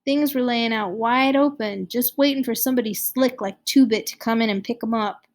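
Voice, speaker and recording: A woman's voice: fairly high pitch, moderate pace, natural voice. A woman voicing a scared, guilt-ridden teenage boy who talks in a quavering, pleading way. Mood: distressed.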